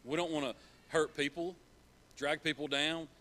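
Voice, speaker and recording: A man's voice: on the high side, fairly even intonation, moderate pace, pushed and bright. A man preaching a sermon in a church, earnest and repeating key phrases for emphasis.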